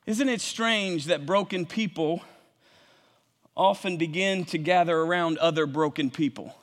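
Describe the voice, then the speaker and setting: A man preaching a sermon with passion, calling out to his congregation and rising at times to shouts. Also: fairly high pitch, a little slow. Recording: long reverb of a large hall.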